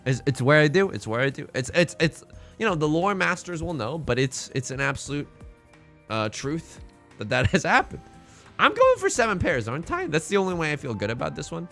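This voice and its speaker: A man streaming live and chatting casually with his viewers while he plays. He sounds slightly hoarse and is excitable and self-mocking. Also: fairly high pitch, a little fast, soft background music. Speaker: livestreamer.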